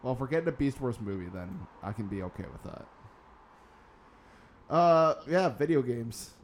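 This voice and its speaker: A man's voice: medium pitch, animated, moderate pace, a little hiss or hum. A man hosting a casual gaming news podcast, sarcastic and swearing now and then. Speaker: podcast host.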